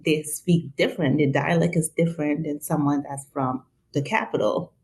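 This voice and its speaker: A woman's voice: low voice, normal speed, slight background noise. A woman with a Haitian-influenced accent, a guest chatting casually and acting out little quoted exchanges. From New York. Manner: expressive, acts out quoted exchanges. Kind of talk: casual conversation.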